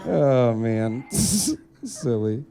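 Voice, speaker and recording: A young man doing a stand-up comedy set on a club stage, animated and quick to slip into put-on voices. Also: vocal fry. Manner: animated, jumps into high put-on voices for characters. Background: audience laughter.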